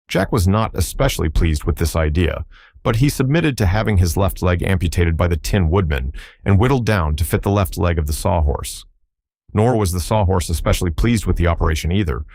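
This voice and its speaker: Brief: low-voiced male audiobook narrator, dry close sound, measured. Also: darkish tone, dry recording. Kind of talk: scripted narration.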